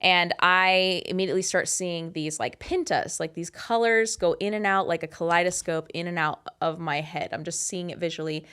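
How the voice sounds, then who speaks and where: A woman in her thirties telling a personal story in a casual, animated, candid way, with frequent swearing. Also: lowish voice, moderate pace, hardly any pauses, clear, resonant tone. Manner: animated, candid and profane, with many "like" fillers. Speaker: host.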